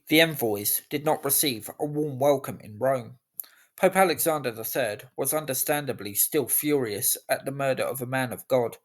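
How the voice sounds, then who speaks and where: A man giving scripted history narration in a measured, even storytelling delivery. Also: mid-range voice.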